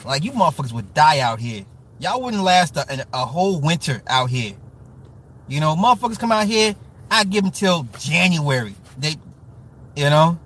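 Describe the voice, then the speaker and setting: A man from the US Midwest hosting a casual livestream, talking to chat with profane, joking, animated rants. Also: fairly high pitch, moderate pace. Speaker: livestream host reading chat.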